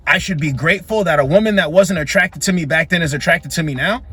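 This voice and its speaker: A man's voice: fairly high pitch, fast talker, pushed and bright, husky. A man hosting dating commentary, reacting to clips in a blunt, opinionated way with emphatic repetition.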